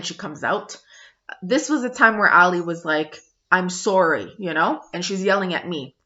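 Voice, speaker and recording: Woman vlogger, angry profane rant, bright edgy voice, muffled lo-fi audio. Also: medium pitch. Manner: blunt, profane, emphatic. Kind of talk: angry review rant to camera. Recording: dull lo-fi sound.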